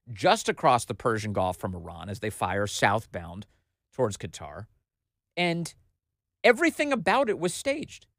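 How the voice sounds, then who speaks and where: Animated man in a dry studio. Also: high-pitched, no echo. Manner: animated and emphatic, talking straight to the listener. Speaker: host. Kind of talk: political commentary.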